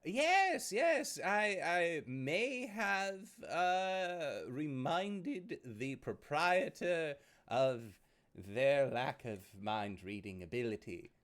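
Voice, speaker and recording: A man's voice: a little high, sing-song, drawn-out words, fairly bright tone. A man player, speaking hesitantly with formal in-character phrasing. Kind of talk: casual tabletop play.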